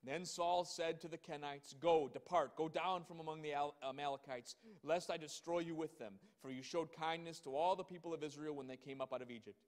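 A man with a high voice preaches, reading scripture with slow emphasis and stopping to ask pointed rhetorical questions. His voice rings out with a long hall reverb. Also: steady tone. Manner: reads scripture slowly and emphatically, then comments with rhetorical questions. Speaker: pastor.

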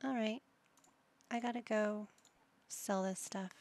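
A woman's voice: mid-range voice, fairly even intonation, takes it slowly, a little mellow. A woman hosting a gaming channel, chatting casually and musing to herself as she plays, sometimes dropping to a whisper. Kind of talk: casual gameplay commentary.

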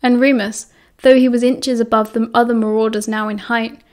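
Brief: British woman, audiobook reader, slightly higher voice, steady storytelling pace. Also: moderate pace. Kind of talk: fan fiction audiobook narration.

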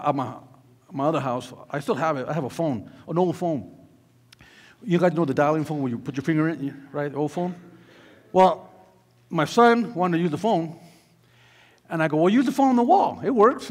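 A middle-aged man preaching a sermon as a pastor, telling stories with animated sound effects and asides to the congregation. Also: fairly high pitch, brisk, long reverb tail. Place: church sanctuary.

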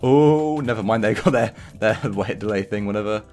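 A man's voice: fairly low pitch, moderate pace, darkish tone, soft background music. A man giving sarcastic, self-mocking commentary over his own gameplay as a video host. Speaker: gaming YouTuber.

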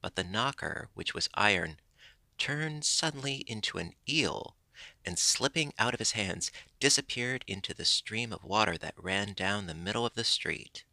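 A man reading a classic children's story aloud as narration, steady and expressive. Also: on the low side, moderate pace, vocal fry, dry recording. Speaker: audiobook reader.

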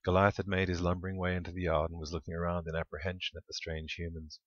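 A man reads his own comic storybook aloud with a wry, deadpan delivery and a very low voice. The recording is dull and lo-fi, dry and close. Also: fast talker, no echo. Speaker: author reading his book. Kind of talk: audiobook narration.

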